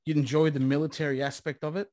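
A man's voice: fairly high pitch, flat delivery, fast talker, a little mellow, no echo, studio quality. A young man hosting a casual podcast about games, rambling and enthusiastic, swearing freely. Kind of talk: casual gaming chat.

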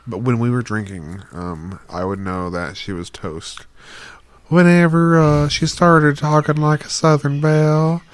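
A man's voice: fairly high pitch, steady tone, a little slow, clear, resonant tone, no echo. A man co-hosting a casual podcast chat, laid-back and swearing freely. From Oklahoma. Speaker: podcast co-host.

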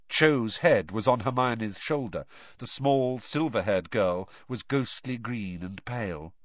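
A man reading a story aloud as narrator, measured and expressive. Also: mid-range voice, dry recording, dull audio. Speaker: audiobook narrator. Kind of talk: scripted narration.

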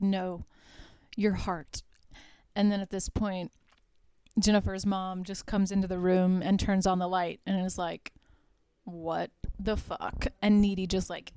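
A woman's voice: medium pitch, darkish tone, smooth, no room sound. A woman hosting a podcast, casually recapping a horror film with lots of "like" and frequent laughs. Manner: chatty, lots of "like", laughs often. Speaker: podcast host.

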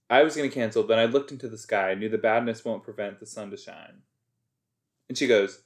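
A man's voice: lowish voice, quick pace. A man hosting a podcast, reacting casually and with lots of exclamations while watching a TV episode. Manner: exclaiming, chatty, loose and animated.

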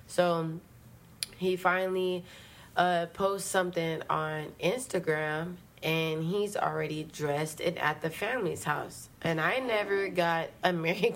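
A woman co-host telling a story in casual chat, animated, profane and slangy, acting out her own past lines. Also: on the low side, measured pace, creaky.

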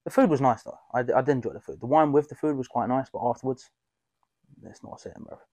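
A man's voice: medium pitch, fast, dark tone, no echo. A young man co-hosting a casual chat podcast, with brash, slangy banter. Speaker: podcast co-host.

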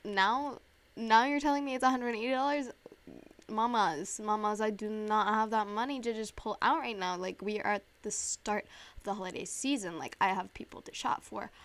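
A woman in her twenties hosting a casual podcast. She tells a story with lots of "like" and swearing, acting out her own reactions in a voice that jumps up high. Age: 20s. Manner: animated storytelling, heavy use of "like" and swearing; acts out her own past reactions with big jumps in pitch. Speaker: podcast host. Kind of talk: casual chat.

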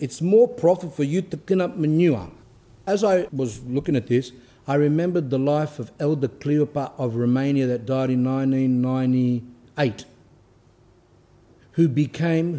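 Male speaker, mid-pitched and mellow, reading spiritual texts and commenting casually with asides. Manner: conversational, with asides and rhetorical questions. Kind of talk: religious teaching talk, reading aloud with commentary.

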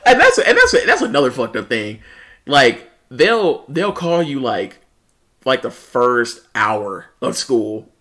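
A young man in casual chat, telling lively stories, mimicking people and laughing often. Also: medium pitch, slow pace. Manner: animated storyteller, mimics people, laughs a lot, swears.

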